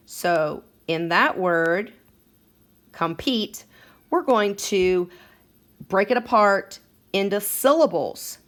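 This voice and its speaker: A woman's voice: fairly low pitch, fairly bright tone. A woman teaching a second grade phonics lesson, patient and encouraging as she sounds out words for children.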